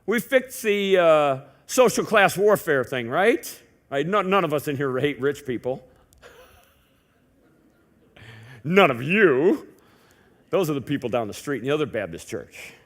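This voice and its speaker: A man delivers a sermon from a church pulpit with a lively, swooping delivery that climbs and drops widely. He talks to the congregation like a friend, firing rhetorical questions and slipping in wry jokes. His voice sits high for a man. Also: moderate pace. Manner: conversational preaching with rhetorical questions and joking asides. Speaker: pastor. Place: church sanctuary.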